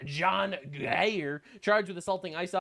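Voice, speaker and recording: A man's voice: sits high, slow pace, a bit bright. A man hosting a political reaction commentary show, talking in a sarcastic, crude, mocking way. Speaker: show host.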